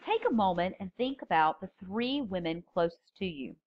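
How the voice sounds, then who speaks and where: A woman's voice: mid-range voice, expressive, normal speed, muffled recording. A woman teaching a public speaking class, explaining step by step and stressing key words when she reads example openings. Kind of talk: recorded lecture.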